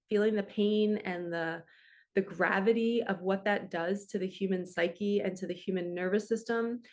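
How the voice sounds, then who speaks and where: A woman hosting her own channel as a spiritual coach, speaking to camera in a casual, earnest and reflective way, with frequent fillers. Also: mid-range voice. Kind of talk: casual heartfelt talk to camera.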